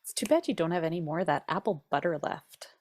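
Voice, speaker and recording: A woman's voice: fairly low pitch, lively intonation, quick pace, a little mellow. A middle-aged woman co-hosting a cooking podcast in casual chat, chatty and laughing often. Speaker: podcast co-host.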